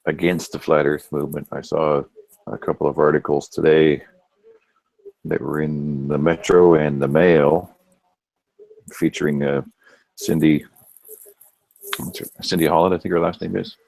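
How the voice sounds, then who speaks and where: A man's voice: a bass voice, little pitch movement, unhurried, gravelly, pauses often, darkish tone, rough recording. A man on an online panel, talking in an easygoing, agreeable way. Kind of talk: casual group chat.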